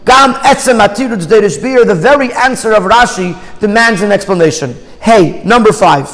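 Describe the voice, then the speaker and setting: A man's voice: high voice, moderate pace, a bit bright, in a large hall, poor audio. A man teaching a Torah class, reading out Hebrew phrases and explaining each one in English. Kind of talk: text study class, reading Hebrew then translating.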